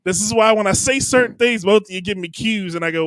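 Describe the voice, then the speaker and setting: A man's voice: high-pitched, fast talker, fairly bright tone, no room sound. A man co-hosting a comedy podcast in brash, rambling casual chat. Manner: brash and rambling, with a Southern 'y'all'. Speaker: podcast co-host.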